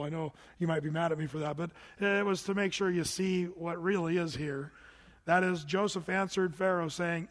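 High-voiced pastor preaching in a hall. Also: male voice. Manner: animated, conversational preaching with humor. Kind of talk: sermon.

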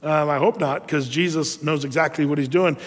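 A middle-aged pastor preaches in a relaxed, chatty way, dotting his sermon with ums and side remarks. His voice sits high for a man. The sound carries the long reverb of a large hall. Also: brisk. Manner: conversational, filler-heavy preaching with asides.

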